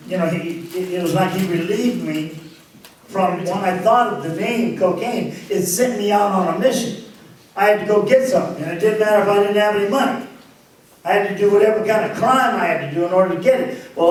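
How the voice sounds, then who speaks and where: A pastor telling his personal testimony, a man recounting the story with laughs between phrases. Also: high-pitched. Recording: very echoey, distant microphone.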